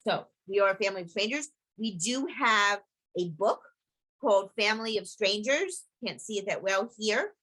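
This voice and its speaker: A woman's voice: medium pitch, lively intonation, normal speed, sharp tone, low-quality recording. A middle-aged woman with a New York accent, giving a chatty, filler-filled talk over a video call as a historical society presenter. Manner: chatty, full of fillers and restarts.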